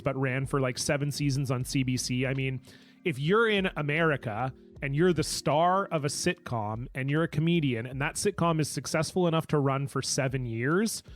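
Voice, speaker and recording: A man from Canada talks as a guest comedian on a podcast, loose and chatty, stacking "like" and "you know" as he works through his points. His voice sits in a middle register, and faint music plays behind him. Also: medium pitch. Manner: chatty, lots of filler words and restarts. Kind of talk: casual podcast chat.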